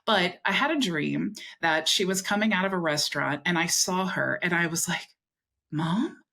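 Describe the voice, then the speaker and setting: Brief: female podcast host, lowish voice, lively storyteller who acts out quotes. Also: normal speed, creaky. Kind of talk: casual interview talk.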